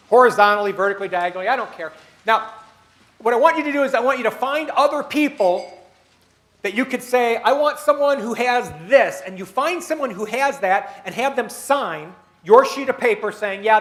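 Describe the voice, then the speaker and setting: A man's voice: very high voice, fairly bright tone. A man delivering a keynote speech at a dinner meeting, telling stories and leading the audience through exercises. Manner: acts out quoted people in his stories. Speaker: keynote speaker.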